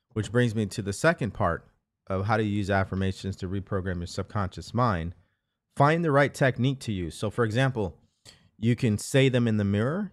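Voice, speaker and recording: A man with a lowish voice hosts a motivational live show. He speaks earnestly and repeats key phrases as he coaches. The sound is close and dry. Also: no room sound. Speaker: host.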